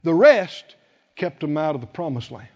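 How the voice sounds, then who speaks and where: A man preaching a sermon, acting out the people in the story and swinging from quiet talk to shouting. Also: on the high side, big pitch swings, moderate pace. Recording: dull lo-fi sound with long hall reverb.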